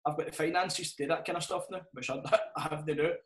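Scottish guy, fairly high voice, cracking up and swearing, echoey room. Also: steady tone, quick pace. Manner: sweary, laughing banter. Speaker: comedian. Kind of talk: casual podcast chat. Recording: roomy echo.

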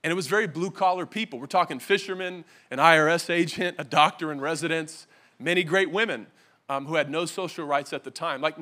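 A pastor in his thirties with a Californian American accent is preaching to a live congregation. He talks on a slightly raised pitch with a bright, forceful edge to his voice. He keeps it casual and joking and often puts questions to the crowd. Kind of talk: humorous sermon. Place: church stage.

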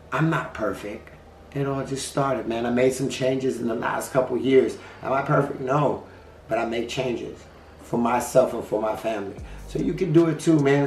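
A man's voice: medium pitch, darkish tone. A man in his fifties talking casually to his vlog audience, upbeat and preachy, acting out little quoted exchanges. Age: 50s. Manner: upbeat, preachy pep talk with acted-out quotes. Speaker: vlogger. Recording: roomy, a bit distant, music behind.

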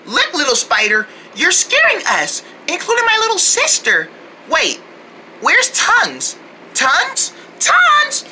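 A woman's voice: very high-pitched, wildly swooping pitch, unhurried, pushed and bright, a little hiss or hum. A woman voicing a caring big sister in a children's cartoon who talks cheerfully to the viewers. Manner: cheerful, coaxing the audience.

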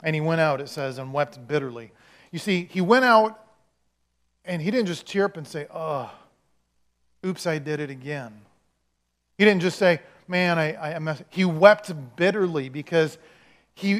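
Male pastor, sermon, slightly high voice, storyteller who acts out the quotes. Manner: conversational storytelling, acting out quotes.

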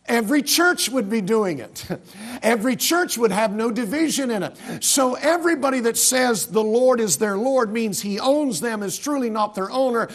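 An American male pastor preaches in a church sanctuary. His voice sits high for a man, and he builds to emphatic bursts, stumbling and restarting as he presses his points. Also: expressive, moderate pace. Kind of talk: sermon.

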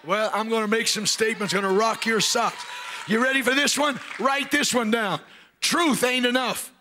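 Shouting high-voiced Pentecostal preacher. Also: male voice, fairly even intonation, moderate pace, slight background noise. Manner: loud, shouting, preaching with rising bursts. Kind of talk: Pentecostal sermon. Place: church hall with congregation.

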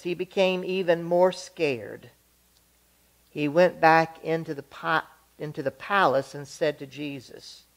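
A reader at a church service, reading scripture in a measured, steady way. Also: mid-range voice, vocal fry.

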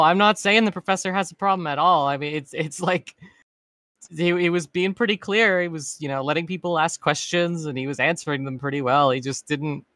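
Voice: mid-range voice, fairly bright tone, no room sound. A college student telling a rambling story in a casual stream chat, full of restarts.

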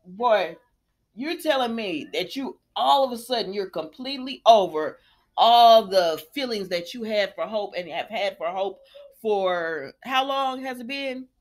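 A woman hosting a casual recap vlog, talking straight to her viewers in an animated, sassy way. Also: mid-range voice, unhurried. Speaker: soap opera recap host.

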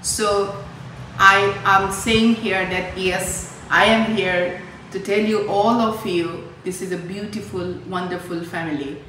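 A woman from India giving an emotional farewell speech to a host family, halting and heartfelt, with many fillers. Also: medium pitch, fairly even intonation, sharp tone. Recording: echoey, from a distance, faint noise.

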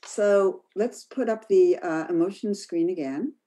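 A woman's voice: lowish voice, measured pace, warm tone. A woman co-leading an online workshop, explaining how emotions come across in speech. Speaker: workshop co-facilitator. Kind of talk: explaining in a video call workshop. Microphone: video call.

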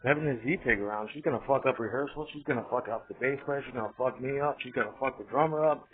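A man's voice: mid-range voice, fast. A man rambling in a profane monologue, laughing often and trailing off mid-thought. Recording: tinny phone-like audio, faint hiss.

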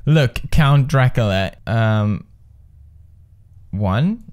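A young man giving let's play commentary on a quiz game, excitable and profane, often laughing and yelling at the screen. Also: mid-range voice, slow, slight background noise. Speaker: gaming video host.

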